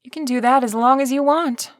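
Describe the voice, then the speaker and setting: Woman reading as a bright, breezy young heroine. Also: sits high, fairly quick, no room sound, studio quality, pitched above the performer's own voice, close to an everyday voice. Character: cheerful young woman radio celebrity, flustered. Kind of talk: audiobook character voice.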